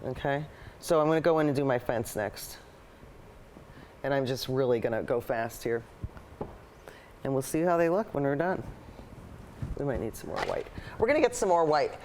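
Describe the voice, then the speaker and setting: A woman's voice: rumbling low, animated, moderate pace, pauses often, darkish tone, a little hiss or hum. A woman hosting a live painting lesson, chatting eagerly and thinking aloud as she paints. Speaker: painting show host and art teacher.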